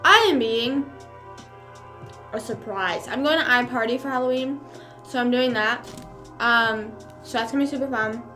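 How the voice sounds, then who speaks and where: A young woman streams a relaxed mukbang, talking around her food with plenty of fillers at a moderate pace, broken by long pauses. Her voice sits a little high for a woman, while soft background music plays faintly.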